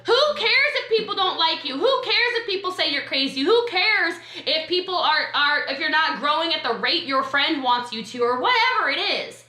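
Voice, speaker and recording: Woman, high and bright voice, sassy motivational trainer, echoey room. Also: animated. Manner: sassy, emphatic, quick asides. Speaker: network marketing trainer.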